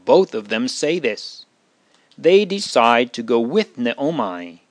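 A man reading a Bible story aloud to children in a slow, earnest, solemn manner. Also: medium pitch, big pitch swings, no room sound.

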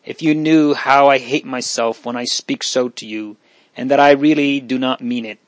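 A man's voice: mid-range voice, steady tone, moderate pace, no room sound, close to an everyday voice, low-quality recording. Man voicing young countess, proud yet pleading, earnest, dry close sound. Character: proud young countess, haughty but remorseful.

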